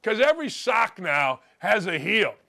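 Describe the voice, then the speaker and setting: An older man hosting a sports radio show, ranting bluntly and mockingly, his voice gravelly from days of yelling. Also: high-pitched, very animated, measured pace. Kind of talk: opinionated sports radio rant.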